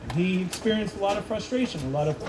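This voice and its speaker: A man coach giving a ceremony speech, telling lively stories and acting out quoted voices. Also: sits high, fast talker, background noise. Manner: animated storytelling with voiced quotes. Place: school event space.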